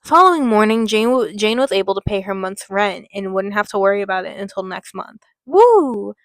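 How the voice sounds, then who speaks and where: A woman's voice: mid-range voice, lively intonation, moderate pace, dry recording. A young woman reading a horror story aloud, breaking off into giggly, rambling asides full of filler words. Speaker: story reader.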